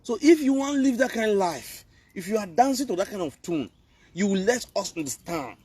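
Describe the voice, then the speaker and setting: A man's voice: sits high, big pitch swings, a little fast, warm tone, husky, dry recording, far from the mic. A man from Benin, Nigeria, speaking Nigerian Pidgin English, who rants and scolds in a preachy live video commentary. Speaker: online commentator.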